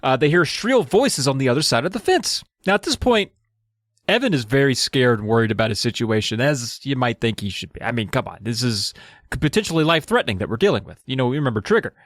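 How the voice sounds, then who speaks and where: Animated man recapping a book. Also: mid-range voice, fast, dry recording, studio quality. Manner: animated retelling with put-on character voices. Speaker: podcast co-host. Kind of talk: casual book recap chat.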